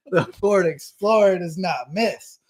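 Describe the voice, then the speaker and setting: Male podcast host, slightly high voice, rambling self-mocking storyteller, casual chat. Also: lively intonation, takes it slowly. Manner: rambling, self-mocking, acts out quotes loudly.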